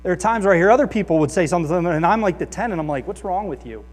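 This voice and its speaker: A man preaching a sermon as pastor, earnest and lively, reading scripture aloud and acting out the voices he quotes. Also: high voice, very fast. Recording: long reverb of a large hall.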